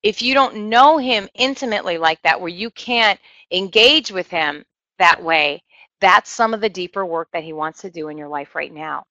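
Woman teacher, earnest informal sermon, bright tone, dry slightly dull recording. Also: lowish voice, moderate pace, dry recording. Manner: earnest, conversational, self-deprecating asides. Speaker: speaker teaching a church group.

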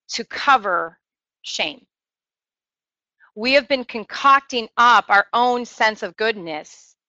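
A woman teaching a sermon, with emphatic, drawn-out stresses and frequent restarts. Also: medium pitch, bright, forceful tone, no room sound, dull audio.

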